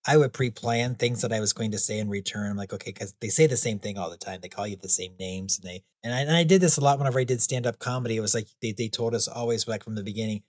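A man's voice: on the low side, quick pace, few pauses, darkish tone, no echo, clean studio sound. A man being interviewed as a guest clown and author, rambling easily with frequent chuckles and fillers. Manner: rambling, chuckles often, many "you know"s. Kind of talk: casual interview chat.

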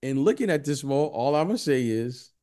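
A man in casual sports chat, telling stories with a lively voice and acting out friendly greetings. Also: medium pitch, a little fast, clear, resonant tone. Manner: animated storyteller, repeats the host's name, acts out friendly greetings.

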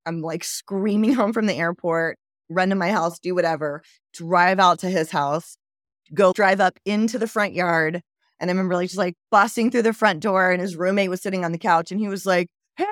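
A woman's voice: lowish voice, normal speed, no echo, clean studio sound. A woman from the southern United States, a podcast guest, telling her life story candidly and acting out the dialogue as she goes. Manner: candid, animated retelling with quoted dialogue and laughs. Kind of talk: personal storytelling interview.

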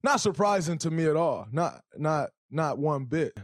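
A man answering at a press conference, halting and searching for words. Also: on the high side, expressive, no room sound, clean studio sound. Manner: halting, many fillers and restarts.

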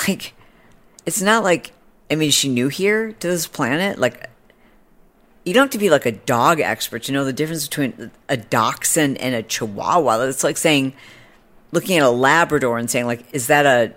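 A woman hosting a podcast, telling a story in a chatty, snarky way with lots of "like". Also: a bass voice. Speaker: podcast host. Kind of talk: casual storytelling chat.

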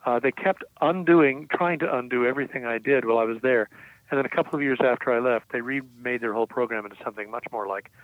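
An older writer, interviewed as a guest, reflects on his past with self-assurance, peppering his stories with fillers and restarts. His mid-range voice moves fast, and the line is tinny, dry, and phone-like with no echo.

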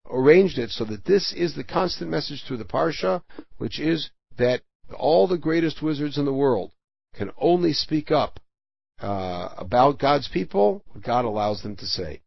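A man's voice: a little high, expressive, normal speed, creaky, breathy edge, dry recording, highs cut off. A man teaching the weekly Torah portion, reading Hebrew verses aloud and then explaining them in plain speech.

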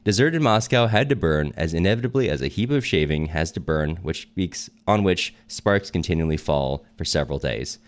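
A man's voice: low voice, animated, normal speed, hardly any pauses. A man co-hosting a podcast, casually summarizing a novel with fillers and frequent laughter. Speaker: podcast co-host. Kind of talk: casual book discussion.

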